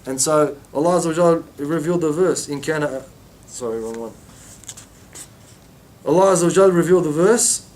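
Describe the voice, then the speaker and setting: A man's voice: on the high side, moderate pace, a little mellow. A man teaching an informal religious lesson, telling stories and acting out quoted voices with many restarts.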